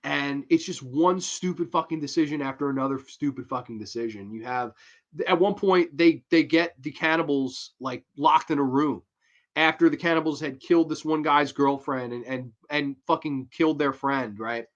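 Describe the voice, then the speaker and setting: A man's voice: on the high side, moderate pace, muffled recording. A man hosting a casual show, bluntly and profanely ranting through a horror movie review.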